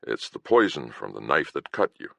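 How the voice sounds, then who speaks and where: Man doing a gruff, foul-mouthed healer. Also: extremely low pitch, sing-song, normal speed, fairly bright tone, no echo, clean studio sound, heavily acted. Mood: gruff blunt. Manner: snarling, profane, blunt.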